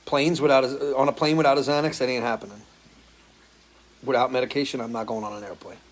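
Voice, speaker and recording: A man's voice: medium pitch, fairly even intonation, fast talker. A man hosting a live stream as a musician, chatting casually and answering viewer comments, loose and swearing freely. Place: home, living in Florida.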